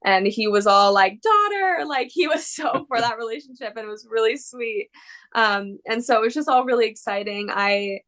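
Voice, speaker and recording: A woman's voice: medium pitch, steady tone, moderate pace, fairly bright tone. A woman actress answering interview questions in a casual, rambling and gushing way, full of fillers. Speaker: actress guest.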